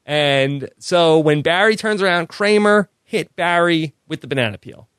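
A man hosting a podcast, recapping episodes in relaxed casual chat and laughing often. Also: fairly high pitch, unhurried, smooth, no echo, clean studio sound. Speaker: podcast host.

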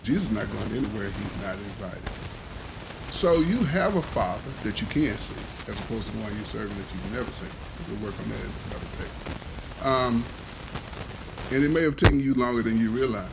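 A man's voice: mid-range voice, creaky, noisy background. A man on a podcast giving emphatic, sermon-like advice and quoting the Bible in a casual talk. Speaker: podcast co-host. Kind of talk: preachy advice.

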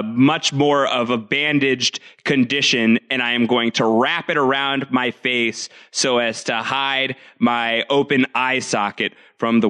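A man's voice: medium pitch, bright, forceful tone, smooth. A man playing a tabletop game, describing his character's actions playfully and at length. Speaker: player.

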